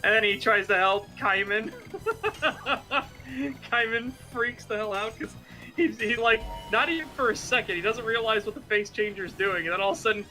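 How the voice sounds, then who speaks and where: High-voiced male streamer, laughing. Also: normal speed. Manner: excitable, laughs often, swears casually. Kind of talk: casual stream chat. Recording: game music playing behind.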